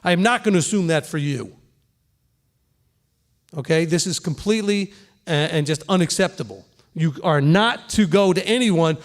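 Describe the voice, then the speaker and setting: A middle-aged male pastor with a notably high voice preaches in a plain, conversational way. He talks earnestly and keeps checking in with his listeners with a quick "okay?" as he teaches. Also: lively intonation, gravelly. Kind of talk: sermon.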